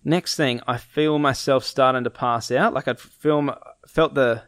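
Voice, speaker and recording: A man's voice: mid-range voice, steady tone, measured pace, a bit bright, no room sound, clean studio sound. A young man casually telling a story, acting out his friends' lines and laughing often.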